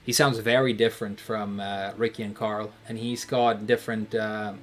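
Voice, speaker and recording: A man from Britain with a British accent, a streamer chatting casually with viewers while playing, rambling and joking with frequent pauses. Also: lowish voice, level tone. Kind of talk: casual chat answering viewers while gaming.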